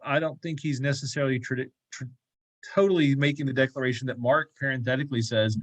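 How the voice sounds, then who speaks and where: A man of medium pitch and fairly even intonation, his voice a bit bright, leads a church Bible class in a dry, low-quality recording. He reads scripture aloud slowly, then teaches casually, chatting loosely with many asides, laughs and "right?" checks.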